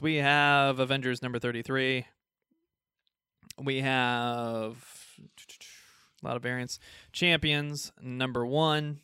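A man's voice: mid-range voice, steady tone, takes it slowly, long pauses, pushed and bright, clear, resonant tone, no room sound, clean studio sound. A man co-hosting a casual podcast, reading through a list of new comic releases with jokes along the way. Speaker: podcast co-host.

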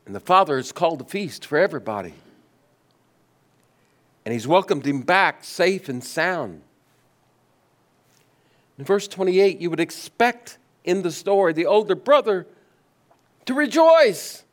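Slow, emphatic male preacher. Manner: preaching with rhetorical questions and sharp pitch swings. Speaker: pastor. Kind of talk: sermon.

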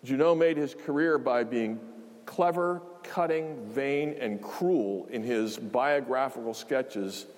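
A man's voice: mid-range voice, slow pace, darkish tone. Preacher man in a reverberant hall. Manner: conversational, emphatic, with asides and repetitions. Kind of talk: sermon.

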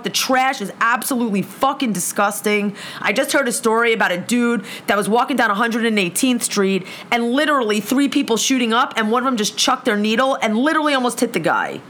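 A woman's voice: fairly high pitch, fairly bright tone. Fired-up swearing woman ranting. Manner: heated, swearing constantly. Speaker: vlogger. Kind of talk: angry profane rant. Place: lives in a big city apartment.

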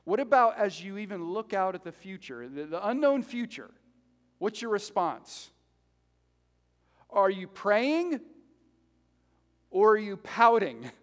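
A man preaching a sermon as pastor, animated and conversational, joking with the congregation between points. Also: high voice, slow, pauses often. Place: church sanctuary. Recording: reverberant hall.

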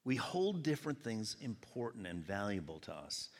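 A man's voice: fairly low pitch, moderate pace. A man preaching a sermon to a congregation, chatting with the audience as he goes. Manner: lively, conversational preaching with audience banter. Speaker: pastor. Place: church sanctuary. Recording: long hall reverb.

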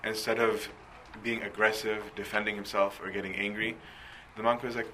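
Bright-voiced preacher asking "right?". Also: male voice, on the low side, little pitch movement, normal speed, slight background noise, low-quality recording. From Coptic Christian community. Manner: conversational, rhetorical questions, frequent "right?". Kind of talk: sermon.

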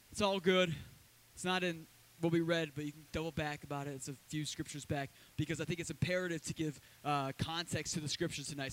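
A man preaching a sermon as a pastor in a church, talking in a loose, conversational way with lively asides. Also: a little high, rough recording. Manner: conversational, energetic preaching with asides and acted quotes.

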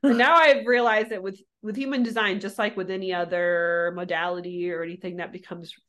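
A woman's voice: medium pitch, steady tone, a little fast, bright, forceful tone. A woman co-hosting a podcast in casual chat, rambling and restarting her sentences with frequent laughs. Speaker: podcast co-host.

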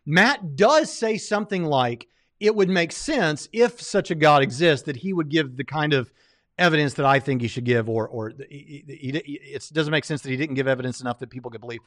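A man's voice: a little high, a little fast, a bit bright, no echo, studio quality. A man hosting a livestream, commenting casually on a debate, rambling with lots of fillers and restarts. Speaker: livestream host reviewing a debate.

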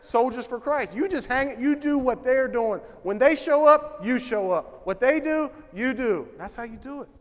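A man's voice: extremely high pitch, moderate pace, few pauses. A man preaching a sermon as a pastor, with an emphatic, conversational style full of rhetorical questions. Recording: reverberant hall.

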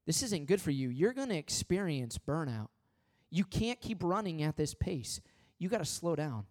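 A man quoting his wife's practical, firm advice in a softer voice, barely changed from his own. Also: on the high side, sing-song, normal speed. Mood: firm caring. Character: caring, no-nonsense wife giving advice.

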